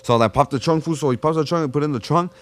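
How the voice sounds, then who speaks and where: A man's voice: a little high, racing. A young man, a podcast guest telling a street story in casual, slangy, profane talk full of "fool" and restarts.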